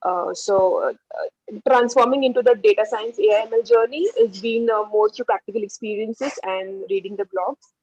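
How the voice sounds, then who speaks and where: Woman, audience member on a call, hesitant and apologetic, husky voice, dull lo-fi audio. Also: mid-range voice, fairly even intonation, moderate pace, darkish tone. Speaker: audience member asking a question. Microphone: video call.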